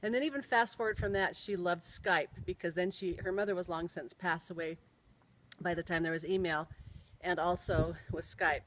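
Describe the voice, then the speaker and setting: A woman's voice: on the low side, steady tone, normal speed, a bit bright, slight background noise, low-quality recording. A middle-aged woman telling a personal story, spelling out words and sounds carefully as she goes.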